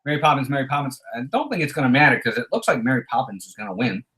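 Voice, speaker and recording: A man's voice: medium pitch, big pitch swings, very fast, bright, forceful tone. A man co-hosting a casual live stream, joking around and greeting viewers by name.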